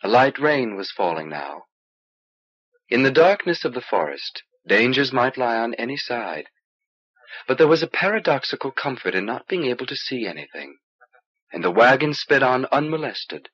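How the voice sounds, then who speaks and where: A man narrating an audiobook in a steady, even way, on an old cassette recording. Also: mid-range voice, moderate pace, breathy edge, muffled recording. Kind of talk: scripted narration.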